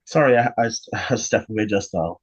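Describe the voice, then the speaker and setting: A woman's voice: rumbling low, moderate pace, slightly rough, highs cut off. A woman student in an online class who speaks hesitantly and apologetically. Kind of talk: casual class talk.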